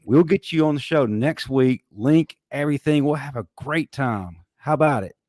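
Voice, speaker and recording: A man's voice: medium pitch, normal speed, a little mellow, dry recording, clean studio sound. A man co-hosting a sports podcast, friendly and plainspoken. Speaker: podcast co-host. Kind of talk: casual panel banter.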